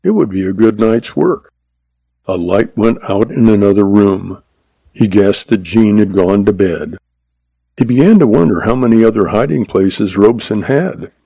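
Gravelly low-voiced male storyteller. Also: lively intonation, normal speed, mellow, no room sound, low-quality recording. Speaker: audiobook narrator. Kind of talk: scripted narration of a Western story.

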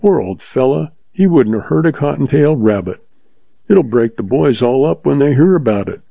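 Sly young cowboy, a guy putting him on, earnest folksy drawl, kinda husky, dull old recording. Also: medium pitch, lively intonation, normal speed, no room sound, pitched above the performer's own voice.

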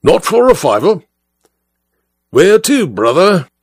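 Brief: preachy orator of a cabby, high and animated, a man doing the voice; dry read. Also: slow, vocal fry, husky, no room sound, exaggerated voice. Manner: speechifying, sanctimonious. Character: preachy socialist male cab driver.

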